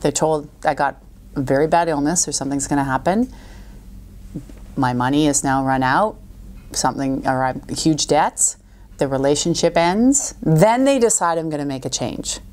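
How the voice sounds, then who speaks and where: A middle-aged woman who speaks as a podcast guest, with a fairly low voice for a woman. She is an animated storyteller and acts out what people say in little quoted voices. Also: moderate pace. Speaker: guest coach. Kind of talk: podcast interview.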